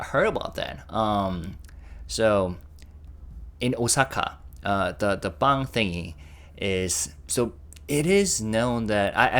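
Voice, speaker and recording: A man's voice: on the low side, fairly bright tone. A young man hosting a casual reaction video, chatting and stopping often to react and translate. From Korea.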